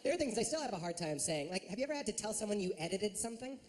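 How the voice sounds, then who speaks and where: A man doing a stand-up comedy set on a club stage, animated and full of silly voices and sound effects. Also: high-pitched, racing, in a large hall, a little hiss or hum. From United States.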